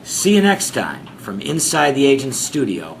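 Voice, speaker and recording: Male instructor, animated and playful delivery, faint room hum behind. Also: medium pitch, moderate pace, vocal fry, rough recording. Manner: lively, jokey teacher tone. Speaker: class presenter. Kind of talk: instructional presentation.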